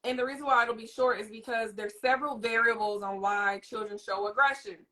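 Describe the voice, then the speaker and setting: A woman hosting a parenting talk, explaining in a lively, teacherly way and addressing the audience directly. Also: a little high, a little fast. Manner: animated, teacherly, demonstrates a soothing voice. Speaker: host and parenting coach. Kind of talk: live interview chat.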